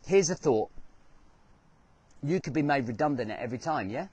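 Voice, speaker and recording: A man's voice: medium pitch, expressive, moderate pace, a little mellow, slightly rough, no echo. A man hosting a motivational talk, speaking earnestly and repeating phrases for emphasis. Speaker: host.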